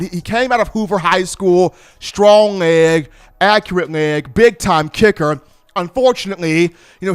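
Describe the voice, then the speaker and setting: A man giving casual, animated sports commentary and telling colloquial stories. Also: sits high, clean tone.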